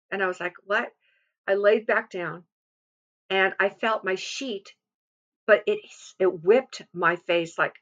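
A woman's voice: mid-range voice, fairly bright tone. A woman giving an earnest devotional testimony and exhortation, stressing her points by repeating phrases. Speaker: devotional speaker. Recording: dull lo-fi sound.

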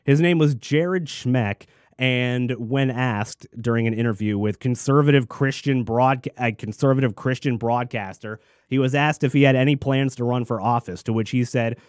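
A man's voice: medium pitch, normal speed, smooth, dry recording, clean studio sound. A man ranting angrily in political commentary, swearing constantly and mocking people in sneering voices. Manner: angry, profane, mocking mimicry.

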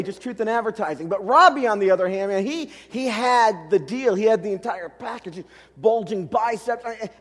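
A middle-aged man preaching a storytelling sermon, animated and self-deprecating as he talks to his congregation. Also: high voice. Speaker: pastor. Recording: long hall reverb.

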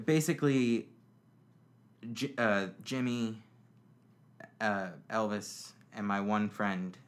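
A young man telling stories on a podcast as a guest, rambling, swearing, with lots of fillers. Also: lowish voice. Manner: rambling, profane, many fillers. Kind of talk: casual storytelling chat.

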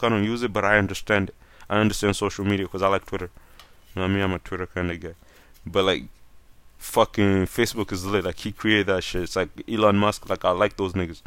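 A young man's low, smooth voice delivers a blunt, profane opinion rant. He talks casually, leaning on "like" and "fam". The recording is dry and close. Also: no echo. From Canada.

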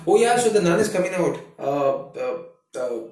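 A man's voice: high voice, big pitch swings, normal speed, a little mellow. Chatty man, echoey and distant. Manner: rambling, restarts, storytelling. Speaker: podcast co-host. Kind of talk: casual chat. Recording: echoey room, far from mic.

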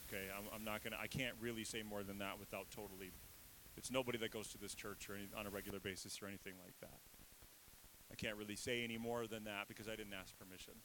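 Bright-voiced man in his thirties preaching casually. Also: fairly low pitch, fairly even intonation, fast, a little hiss or hum, low-quality recording. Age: 30s. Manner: casual, candid, self-deprecating asides. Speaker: pastor. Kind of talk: conversational sermon.

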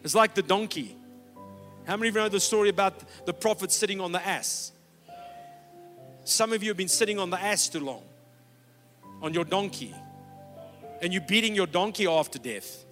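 A middle-aged man preaching a sermon, emphatic, swinging from loud exhortation down to low, quiet lines. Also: normal speed, pauses often, faint music behind. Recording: long hall reverb.

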